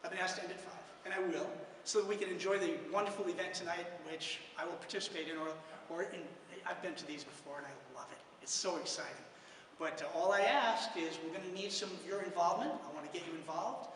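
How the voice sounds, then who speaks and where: A middle-aged man giving a conference talk to financial advisors as a lively, joking storyteller. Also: sits high, fast, slight background noise. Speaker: financial services conference speaker. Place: large conference hall. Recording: echoey hall, from far off.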